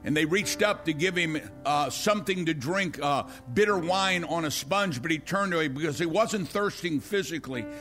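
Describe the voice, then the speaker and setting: A man's voice: on the high side, moderate pace, hardly any pauses, a bit bright, faint music behind. An older man preaching an impassioned, emphatic sermon.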